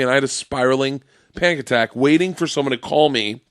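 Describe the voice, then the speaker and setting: Animated storytelling man, dry sound. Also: mid-range voice, fast, dry recording. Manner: animated anecdote-telling with acted-out voices. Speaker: podcast guest. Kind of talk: casual chat.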